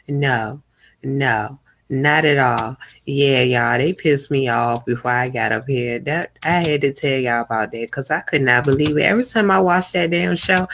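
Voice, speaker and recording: A young woman hosting a live stream, talking bluntly and profanely in a casual chat, often swooping up high in pitch. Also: vocal fry, fairly bright tone.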